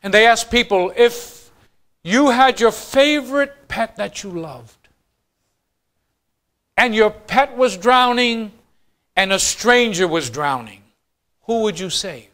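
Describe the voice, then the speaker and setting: A man preaching a sermon as pastor, swinging from quiet, low lines to fast, loud bursts. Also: expressive.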